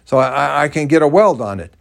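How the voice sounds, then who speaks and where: A man's voice: fairly high pitch, lively intonation, brisk, creaky. A man voicing an older male hermit with a thick German accent, stammering a little, in a spoken story. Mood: compliant.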